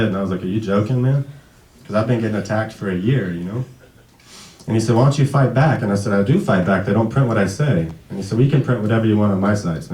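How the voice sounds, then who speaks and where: A man in his thirties giving an emotional tribute speech at a memorial event, halting and full of restarts, sometimes fighting back tears. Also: fairly low pitch, a little mellow. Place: event hall. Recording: echoey hall, far from the mic.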